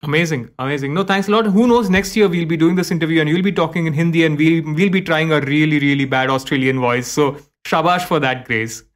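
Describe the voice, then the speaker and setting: Animated male host. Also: fairly high pitch, fast, few pauses. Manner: lively and animated, mixes in Hindi words. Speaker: sports show host. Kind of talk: casual sports talk.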